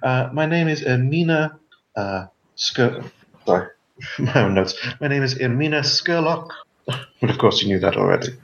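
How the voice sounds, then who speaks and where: A man's voice: mid-range voice, expressive, fairly bright tone, slight background noise, voice pushed up. Man putting on a prim cut-glass aristocratic lady. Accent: posh cut-glass. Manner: halting, prim, condescending politeness. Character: haughty upper-class young woman, prim client. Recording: echoey, dull lo-fi room sound.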